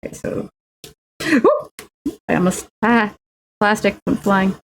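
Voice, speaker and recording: A woman's voice: mid-range voice, very animated, takes it slowly, slight background noise. A young woman streaming as she builds miniatures, chatting playfully and making silly sing-song noises. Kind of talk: casual chat while crafting miniatures.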